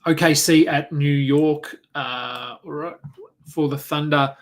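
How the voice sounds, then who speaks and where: A man hosting a solo fantasy sports podcast, running through advice in a conversational way, thinking aloud with fillers and quick self-corrections. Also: fairly high pitch, steady tone. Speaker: fantasy basketball podcast host.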